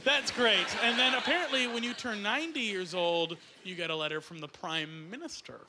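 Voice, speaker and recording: A man performing an excitable, jokey stand-up comedy set on stage with a handheld mic, his voice rising to shouts. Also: extremely high pitch, normal speed, hardly any pauses. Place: comedy stage before a live audience. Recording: loud live audience noise.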